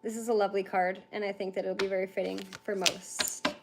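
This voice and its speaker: A tired young woman from Canada, chatting fast on a livestream with lots of fillers while she gives a card reading. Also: mid-range voice, little pitch movement, vocal fry, very noisy. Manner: fast-talking, chatty, laughs often, many fillers. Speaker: tarantula reader on a livestream.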